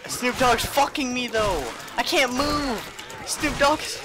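A young man giving excitable gameplay commentary as a gaming channel host, swearing often and shouting at his teammates. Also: extremely high pitch, takes it slowly, heavy background noise. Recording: loud game audio behind voice.

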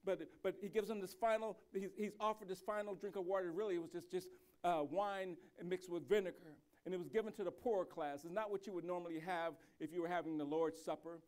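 A male pastor with a fairly high, steady voice preaches a sermon. He drops into soft, reflective stretches, then builds to loud, slow, emphatic declarations, frequently stumbling, restarting and repeating words.

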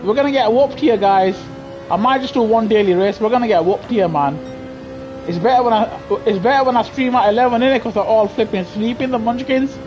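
A man with a British accent giving chatty, excitable live commentary on a racing game over a headset mic, laughing often and grumbling in mock outrage. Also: sits high, brisk, over music. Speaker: gaming streamer. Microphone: gaming headset.

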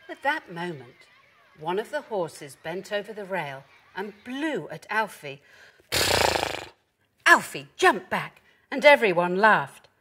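A woman gently reading a children's story aloud. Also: medium pitch, big pitch swings, slow pace, slight background noise.

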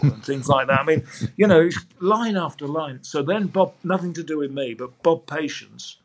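A man's voice: fairly high pitch, normal speed. An older man, a sports broadcaster, telling anecdotes as a guest on a podcast interview. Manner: lively, acts out quoted dialogue.

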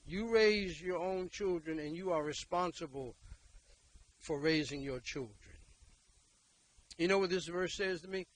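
A man, preaching a sermon and leading prayer, emphatic and repetitive, moving between loud exhortation and quiet talk. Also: on the high side, measured pace, long pauses, no room sound, low-quality recording.

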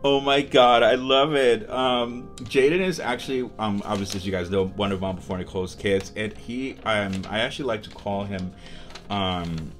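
A young man hosting a casual unboxing vlog, talking in an excitable, gushing way with lots of ums and restarts. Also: on the low side, moderate pace, soft background music. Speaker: vlogger.

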